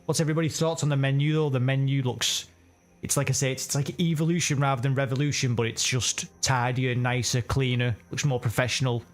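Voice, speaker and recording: A man with a mid-range voice and a flat delivery speaks briskly as soft music plays in the background. He streams sim racing, rambling chattily and correcting himself during his live commentary on a racing game.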